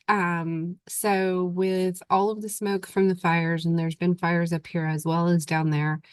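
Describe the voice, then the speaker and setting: A woman's voice: fairly low pitch, no room sound. A woman with an Oklahoma accent and a stuffy voice from recent illness, hosting her show in a rambling, chatty way into a computer mic at home. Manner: rambling, chatty, laughs often. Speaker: podcast host. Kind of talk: casual chat.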